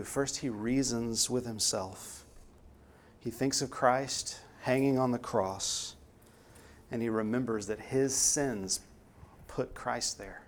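Earnest male preacher delivering a sermon. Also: mid-range voice. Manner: earnest, emphatic, rising to stress key words.

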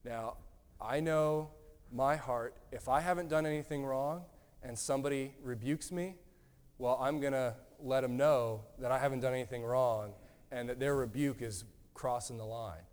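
A man preaching a sermon in an earnest, gently emphatic way, often repeating his words. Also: mid-range voice, normal speed, smooth. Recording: long hall reverb.

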